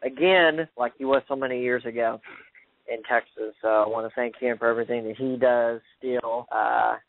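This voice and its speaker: A man's voice: mid-range voice, steady tone, normal speed, vocal fry, no echo. A man co-hosts a talk radio show in a chatty, joking way. His mid-range voice sounds dry and narrow, as if it comes over a phone line. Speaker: radio co-host.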